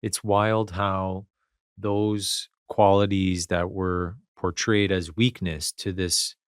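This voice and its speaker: A male podcast host speaks in a reflective, agreeable way. His voice sits very low. The recording is close and dry. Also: level tone, takes it slowly, smooth, no echo. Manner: affirming and agreeable, reflective when he talks at length. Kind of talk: casual conversational interview.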